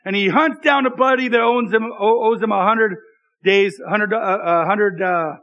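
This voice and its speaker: High-voiced man preaching a sermon. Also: moderate pace, a bit bright, lo-fi sound. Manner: conversational, joking asides to the congregation. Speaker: pastor. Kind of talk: sermon with scripture reading.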